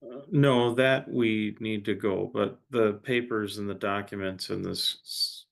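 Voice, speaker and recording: A man's voice: fairly low pitch, fairly even intonation, gravelly. A man playing a tabletop role-playing game, speaking hesitantly as his character. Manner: hesitant, halting. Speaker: player.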